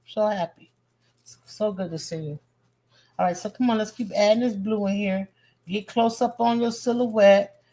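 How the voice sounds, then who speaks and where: A mid-range, darkish voice belongs to a woman leading a painting lesson streamed live. She's a chatty, encouraging art teacher who speaks directly to her audience and banters with the chat using friendly slang.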